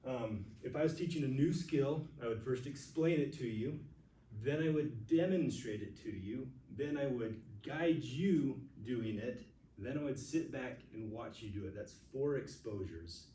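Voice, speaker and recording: Male nurse instructor, earnest and candid, mellow voice, echoey classroom heard from across the room. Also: mid-range voice, expressive, a little slow, a little hiss or hum. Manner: earnest, speaks openly about emotion. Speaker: first aid instructor, nurse. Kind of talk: classroom teaching with personal stories. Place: classroom with audience. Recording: echoey room recorded from far off.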